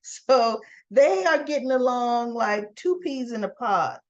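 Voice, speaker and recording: A woman giving a casual, chatty recap of a soap opera episode. She often corrects herself mid-sentence and tags her points with a quick "right?". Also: a little high, expressive, muffled recording.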